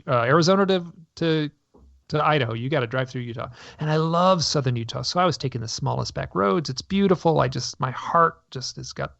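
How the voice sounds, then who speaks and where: Rambling man with a gravelly voice. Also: a little high, a little fast, no room sound. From North America. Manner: rambling, self-interrupting, animated storytelling. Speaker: guest. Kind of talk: conversational interview storytelling. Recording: dull lo-fi radio audio.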